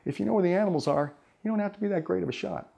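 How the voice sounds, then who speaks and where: A man, a sales trainer, telling a parable in a lively, conversational way. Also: sits high, rapid-fire, vocal fry. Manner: animated, conversational storytelling.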